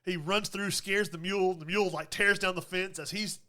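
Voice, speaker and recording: Bright-voiced man in casual chat. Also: high voice, steady tone, fairly quick. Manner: easygoing, lots of "like" and "yeah". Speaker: podcast co-host.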